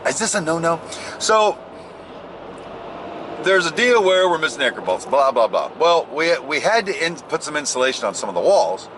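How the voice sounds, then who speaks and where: A man with a bright, forceful voice talks casually to a camera in his car. His pitch jumps all over as he jokes and rants animatedly. Faint traffic noise hums behind him. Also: moderate pace. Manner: animated, joking, ranting. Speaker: construction boss. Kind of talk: casual vlog while driving. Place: inside a car on the road.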